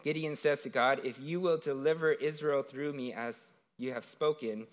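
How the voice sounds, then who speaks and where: A man's voice: medium pitch, fairly even intonation, moderate pace. A man preaching a sermon in a conversational way, retelling a scripture story and often checking in with "right?".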